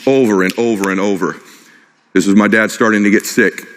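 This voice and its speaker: A middle-aged man, a motivational speaker, gives an impassioned, personal stage talk and drives his point home with short repeated phrases. His voice is lowish and steady, a little fast, with a slight hiss or hum. The recording carries a long hall reverb.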